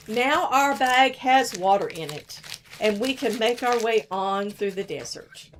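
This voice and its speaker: A woman leading a children's story hour in a church, retelling a story while acting it out with her fingers and showing a craft. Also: high-pitched.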